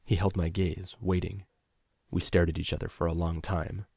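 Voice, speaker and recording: Deep, gravelly male horror narrator. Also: little pitch movement, dry recording, clean studio sound. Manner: measured, dropping to a hush on tense beats. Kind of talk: first-person horror narration.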